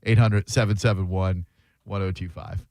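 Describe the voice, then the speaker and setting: A man's voice: deep voice, steady tone, normal speed, vocal fry, a little mellow, no room sound. A man hosting a radio show, chatting casually with callers in a sarcastic, playfully mock-indignant way. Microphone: studio microphone.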